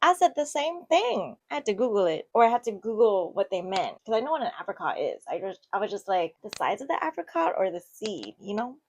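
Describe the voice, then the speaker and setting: Woman host, chatty and giggly, mid pitch, reads posts aloud and comments on them. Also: big pitch swings. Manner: chatty, giggly, quick reactions. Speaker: online story reader and commentator. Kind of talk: casual reading and reacting.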